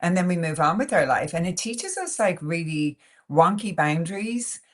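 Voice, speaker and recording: Irish woman, podcast guest, lowish voice, frank, animated, chatty fillers. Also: moderate pace. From Ireland. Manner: frank and animated, laughing often, many "like" and "you know" fillers. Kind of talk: candid conversational interview.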